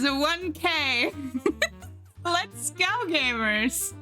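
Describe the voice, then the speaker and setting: Bubbly high-voiced young woman streamer. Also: lively intonation, moderate pace. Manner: bubbly, giggly, chatty, thanks viewers warmly. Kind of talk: casual live-stream chat while drawing. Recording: faint music underneath.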